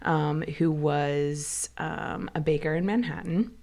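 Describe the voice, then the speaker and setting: A woman's voice: low voice, steady tone, slow, gravelly, darkish tone. A woman co-hosting a casual podcast, chatty and laughing, telling a story with lots of fillers. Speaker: podcast co-host. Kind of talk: casual chat.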